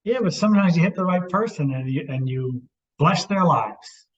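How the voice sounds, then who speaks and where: A man's voice: on the high side, lively intonation, moderate pace, husky. A middle-aged man and podcast co-host chatting casually, reacting to his friend's stories and adding his own comments. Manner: encouraging listener who reacts and chimes in. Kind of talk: casual chat. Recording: dull lo-fi podcast recording.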